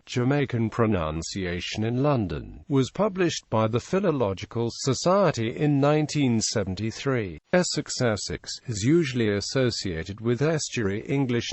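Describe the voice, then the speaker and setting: A man's voice: medium pitch, a little mellow, dry recording. Dry synthetic male reading voice. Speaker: narrator. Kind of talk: scripted narration of an encyclopedia article.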